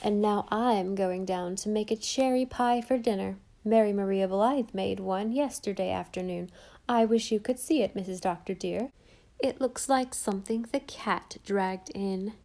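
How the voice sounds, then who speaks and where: Give your line a blunt devoted old housekeeper read by a woman in a storybook. She speaks her mind in quaint old sayings with a mellow, warm tone. The delivery is firm and emphatic. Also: mid-range voice, a little slow, lightly acted.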